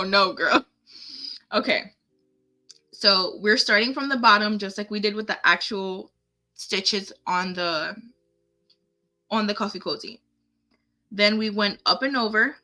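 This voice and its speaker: Bright, slow-talking woman crafter. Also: mid-range voice. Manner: chatty, talks to herself and viewers while clicking. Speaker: craft tutorial host. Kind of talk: casual live tutorial. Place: home setup, live stream.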